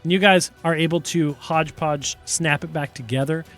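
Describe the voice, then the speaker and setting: A man's voice: on the high side, steady tone, moderate pace, a bit bright, faint music behind. A man narrating as game master of a tabletop game, playful and often laughing as he describes the action.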